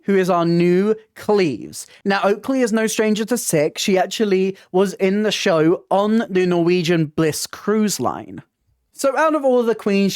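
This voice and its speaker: A woman hosting a casual review vlog as a theatre reviewer, gushing and excitable, often tripping over her words. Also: mid-range voice, no echo, studio quality. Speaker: theatre reviewer and channel host.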